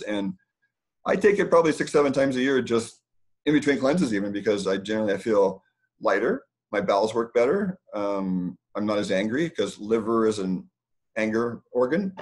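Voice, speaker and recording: A middle-aged man hosting a casual community talk from his house, rambling and digressing as he explains. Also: fairly low pitch.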